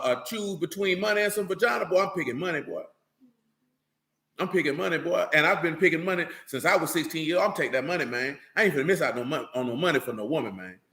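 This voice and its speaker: Man, informal sermon, blunt and emphatic, high voice, bright tone. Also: reverberant. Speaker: religious teacher.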